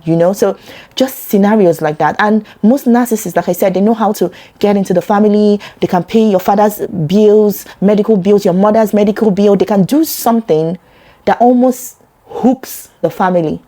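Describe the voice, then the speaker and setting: A Nigerian woman talking earnestly to camera about a personal topic, getting animated when she quotes other people. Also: mid-range voice, normal speed. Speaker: vlogger.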